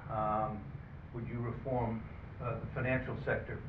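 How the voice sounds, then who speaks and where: In a conference room, a man moderates a panel, introducing the guests and running an audience poll haltingly, with lots of fillers and dry asides. His voice is mid-range and level in tone. The sound is phone-like, roomy and distant, with a faint hiss.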